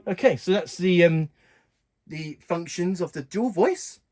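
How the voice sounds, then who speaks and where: A man with a somewhat high voice talks through a keyboard's settings in a relaxed, unhurried way, as if working through the buttons himself. Faint keyboard music plays behind his voice. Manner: relaxed, plain, talks while pressing buttons. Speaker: keyboard tutorial host. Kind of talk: casual instructional walkthrough.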